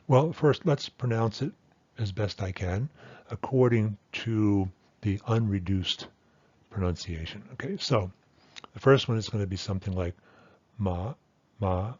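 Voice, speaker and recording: Male language teacher, low husky voice, patient and methodical, dull dry lo-fi recording. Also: a little mellow, dry recording. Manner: patient, methodical, models sounds slowly. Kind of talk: explaining pronunciation over slides.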